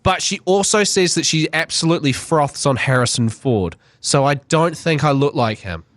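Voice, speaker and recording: A man co-hosts a gaming podcast, telling stories in a loose, easygoing way and swearing here and there. His voice is mid-pitched, close and dry on the mic. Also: lively intonation, moderate pace, a bit bright, dry recording. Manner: storytelling, swears casually. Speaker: podcast co-host. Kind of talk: casual chat.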